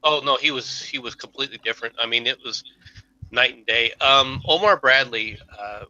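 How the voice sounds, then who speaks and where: A man's voice: medium pitch, normal speed, muffled recording, background noise. A man from the United States in casual chat who reads tweets aloud and talks history with eagerness.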